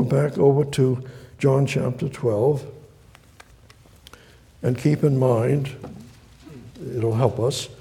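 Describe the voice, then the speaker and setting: A man's voice: medium pitch, vocal fry, warm tone. A man preaching verse by verse from the Bible, reading passages aloud and then explaining them, sometimes acting out the speakers. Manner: reads scripture then explains, acting out voices.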